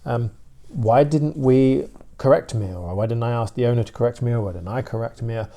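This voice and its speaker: A British man, a dog trainer, explaining his views in a steady, opinionated casual talk with many fillers. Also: medium pitch, moderate pace, vocal fry.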